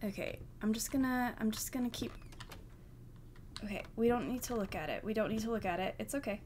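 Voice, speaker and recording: A woman's voice: a little high, fairly quick, darkish tone, slight background noise. A woman hosting a horror game let's play, jumpy and nervous, laughing through scares and chatting with her viewers. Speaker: gaming channel host.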